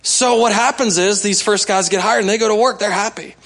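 A man's voice: high voice, steady tone, a little fast, a bit bright. A male pastor giving a sermon in a conversational way, coaxing the congregation to respond.

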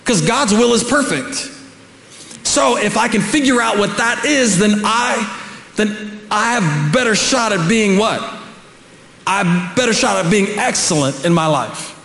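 High-voiced preaching man in echoey hall. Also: a little slow. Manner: animated preaching, rising to shouts, joking asides. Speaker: pastor. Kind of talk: sermon. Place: church sanctuary. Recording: echoey church hall with long reverb.

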